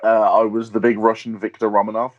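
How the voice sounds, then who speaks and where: A young British man, a guest on a podcast interview, chatting casually and telling lively stories with lots of fillers and laughs. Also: lowish voice, brisk. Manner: lively storyteller, laughs often, hesitant fillers. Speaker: wrestler and promoter, guest. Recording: dull lo-fi podcast audio.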